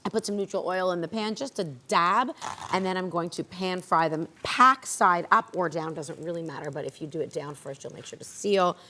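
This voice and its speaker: A woman's voice: lowish voice, normal speed, sharp tone, a little hiss or hum. A woman hosting a cooking show, explaining a recipe step by step in an encouraging way. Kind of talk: cooking demonstration.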